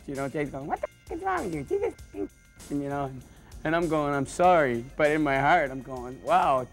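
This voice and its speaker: A man who is a stand-up comedian, rambling through deadpan jokes with lots of stammers and restarts. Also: a little high. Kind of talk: joking interview monologue.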